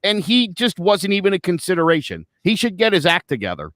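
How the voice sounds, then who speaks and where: A man co-hosting a sports podcast, explaining his picks in halting casual talk with many restarts. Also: high-pitched, wildly swooping pitch, a bit bright, dry recording, studio quality. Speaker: podcast co-host.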